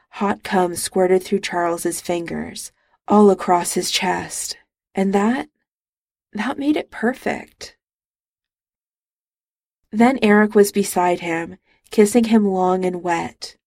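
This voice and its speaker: A woman narrating a romance audiobook in calm, even storytelling, recorded on a close studio mic. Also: mid-range voice, slow, creaky, no room sound.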